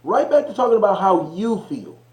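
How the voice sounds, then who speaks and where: Guy hosting a stream, lecturing with some cussing, mellow voice, echoey room. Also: sits high, big pitch swings, fairly quick. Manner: lecturing, scolding, swearing. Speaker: stream host. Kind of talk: reaction livestream chat.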